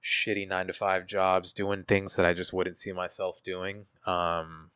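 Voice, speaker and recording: A man's voice: low voice, flat delivery, a little slow, a bit bright, clean tone, no room sound, studio quality. A man, a guest artist in an interview, talking candidly in a casual, profane and reflective way, with many fillers.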